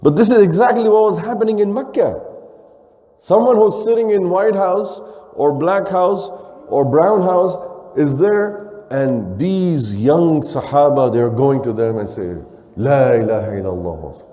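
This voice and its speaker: Male imam, dark mellow voice, sermon in a hall with long reverb, rhetorical questions. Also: high voice, measured pace. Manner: preaching with Arabic phrases mixed in, rhetorical questions, acting out quotes. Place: mosque hall.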